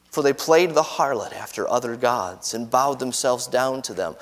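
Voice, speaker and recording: A man preaching a sermon, reading scripture aloud and explaining it, his voice climbing for quoted lines and falling soft at the ends of phrases. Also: mid-range voice, expressive, normal speed. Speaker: pastor. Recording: long hall reverb.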